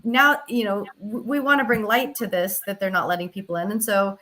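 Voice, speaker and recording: A woman's voice: medium pitch, steady tone, a little fast, sharp tone. A woman advocate for election observation, telling her story earnestly in an interview. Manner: earnest, recounts events with quoted dialogue.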